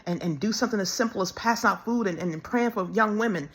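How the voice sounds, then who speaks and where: A woman speaking in an emotional personal monologue, halting and repeating words, close to tears as she pleads. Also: medium pitch. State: tearful, close to crying. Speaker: self-described minister.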